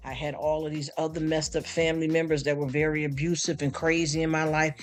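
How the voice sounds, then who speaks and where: Stream host, male, AAVE speech, emotional and sympathetic, higher-pitched voice, faint music underneath. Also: flat delivery, brisk. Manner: emotional, sympathetic, repeats himself with many restarts. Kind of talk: casual live stream chat. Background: soft background music.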